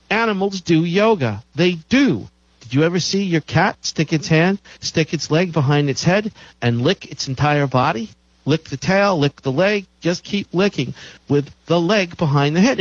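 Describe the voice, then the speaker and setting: A man's voice: a little high, no echo. A man hosting a health show, lecturing emphatically and repeating his key claims. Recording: dull lo-fi dry recording.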